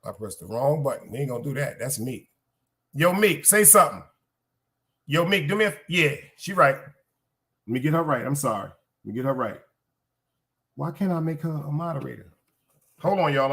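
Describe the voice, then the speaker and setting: A man with a Brooklyn accent hosts a live stream, talking loose and profane straight to his viewers. His voice is bright and sits a little high, with a forceful edge. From Brooklyn, New York. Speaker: podcast host streaming live. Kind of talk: casual live-stream chat.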